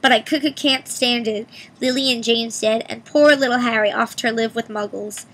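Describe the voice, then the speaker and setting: A woman doing a big tearful gentle giant. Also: on the high side, level tone, a little fast, breathy edge, poor audio. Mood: sobbing. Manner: choked stammering sobs. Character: huge sobbing gentle male giant.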